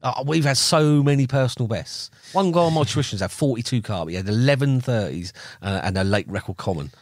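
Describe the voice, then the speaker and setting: A middle-aged man, a carp angler appearing as a podcast guest, casually tells fishing stories and acts out other people's lines with laughter. His voice is medium-pitched, expressive and fairly quick, recorded at studio quality with no echo.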